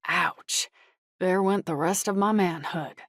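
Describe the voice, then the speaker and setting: Woman doing a cold young man's slow Texas drawl. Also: lowish voice, no room sound, studio quality. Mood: sour. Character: young man, blunt and resentful, hardworking student.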